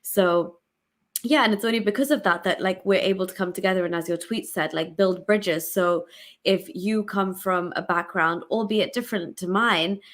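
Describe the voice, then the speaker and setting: A woman's voice: mid-range voice, normal speed. A woman hosting a podcast in casual conversation, speaking in an earnest, reflective way. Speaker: podcast host.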